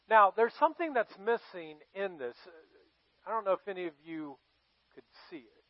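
A high-voiced male pastor delivers a sermon as casual storytelling. He pauses for effect and puts questions to his listeners. The recording is dry and slightly dull. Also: big pitch swings, no room sound. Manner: conversational storytelling, dramatic pauses, asks the audience questions.

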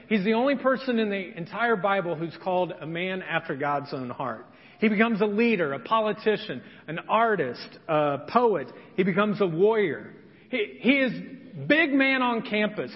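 A male pastor preaching a sermon in an earnest storytelling manner. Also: high-pitched. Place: church sanctuary. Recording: reverberant church hall, dull sound.

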